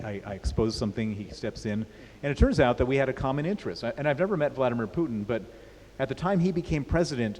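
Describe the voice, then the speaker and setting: A man's voice: medium pitch, darkish tone. A middle-aged man speaking as an author at a festival, telling his story plainly and often repeating and restarting words. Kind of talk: onstage interview storytelling. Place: large hall with an audience. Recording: hall reverb with faint hiss.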